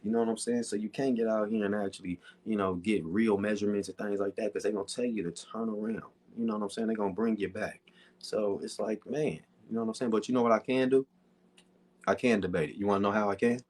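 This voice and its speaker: A man's voice: on the low side, fairly even intonation, quick pace, darkish tone. A man hosting a casual livestream, answering viewer comments in a laid-back, slangy way with lots of filler questions to his audience. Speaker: livestream host.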